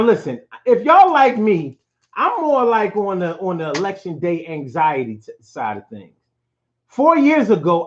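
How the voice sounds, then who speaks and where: A man's voice: sits high, highs cut off. A man hosting his own show, talking in a loose, slangy, profane way and breaking into rhymed riffs. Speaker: podcast host. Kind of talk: casual election-night monologue.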